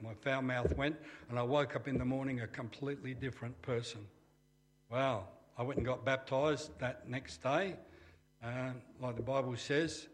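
Older aussie bloke telling his faith story, plain and chatty, bit of dry humor. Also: medium pitch. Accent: Australian. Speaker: testimony speaker. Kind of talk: personal testimony storytelling.

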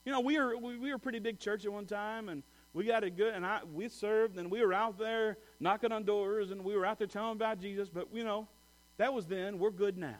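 A man preaching a sermon as a pastor, telling stories and acting out quoted voices, swinging from loud to soft. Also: high-pitched, steady tone, brisk.

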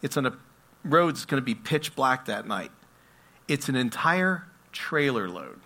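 A male pastor preaching a sermon, telling stories and acting out voices, swinging between loud and hushed. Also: mid-range voice, a little slow. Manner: storytelling, animated, acts out voices, swings loud and soft.

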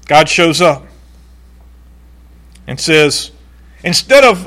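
Animated preacher, fairly high voice. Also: male voice, slow pace, long pauses. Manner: animated, acts out quoted voices, laughs now and then. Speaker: pastor. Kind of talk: sermon.

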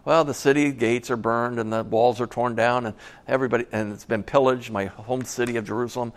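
A man's voice: mid-range voice, steady tone, a little fast, voice pushed down, close to an everyday voice. A man doing a downcast, hesitant exile. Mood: grieving. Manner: hesitant, sorrowful. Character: downcast exiled man, grieving for his city.

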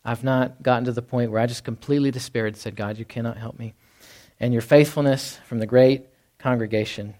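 Male pastor, mid-pitched voice, casual preaching style with acted-out quotes, tag questions. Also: steady tone, fairly quick, a little mellow. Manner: conversational, acts out quotes, frequent "right?". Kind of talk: sermon. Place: church hall before a congregation.

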